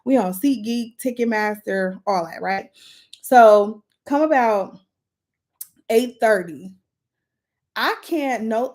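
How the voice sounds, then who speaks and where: A woman chatting casually in a storytime vlog, retelling events in a lively way while doing her makeup. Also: moderate pace. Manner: lively, animated retelling with sudden jumps in pitch and volume. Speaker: vlogger telling a story.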